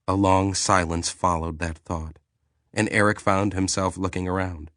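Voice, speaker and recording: A man reading a science fiction audiobook in a steady, even storytelling manner. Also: low-pitched, moderate pace, no room sound, studio quality. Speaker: audiobook narrator. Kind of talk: scripted narration.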